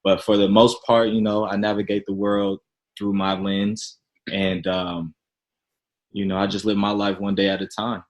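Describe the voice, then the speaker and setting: Deep-voiced man telling his story. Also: level tone, normal speed, low-quality recording. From Chicago, Illinois. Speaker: podcast guest. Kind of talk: casual interview chat.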